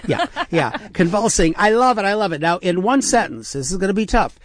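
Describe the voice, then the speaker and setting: An enthusiastic man hosts a storytelling show with a somewhat high voice. He cracks jokes and repeats words as he eggs his guests on. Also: expressive, fairly quick. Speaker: show host.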